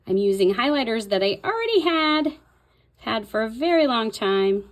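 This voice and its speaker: A woman hosting a casual craft tutorial, thinking aloud as she writes and softly repeating words to herself. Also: a little high, big pitch swings. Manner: fast talker. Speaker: host.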